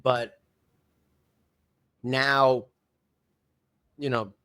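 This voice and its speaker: A man's voice: mid-range voice, fairly even intonation, very slow, a bit bright, clear, resonant tone, dry recording. Guy guest on a podcast, earnest and rambly, lots of "like" and "you know", dead dry mic. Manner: earnest, rambling storytelling with many fillers. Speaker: reality show contestant and podcast guest. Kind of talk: casual chat.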